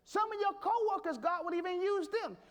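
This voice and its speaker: A man's voice: very high-pitched, fairly quick. A man pastor a sermon, emphatic, repeating his questions for effect.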